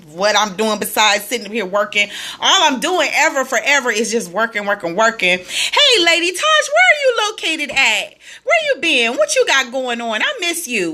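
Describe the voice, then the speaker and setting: A woman's voice: fairly high pitch, sharp tone. A woman coaching on weight loss, chatting casually on a live stream from her phone and greeting her viewers by name with sing-song hellos.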